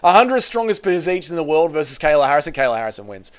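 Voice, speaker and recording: A young man hosting a casual livestream, reading chat comments and bantering loudly with sudden excited shouts and plenty of swearing. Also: on the high side, racing. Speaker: livestream host.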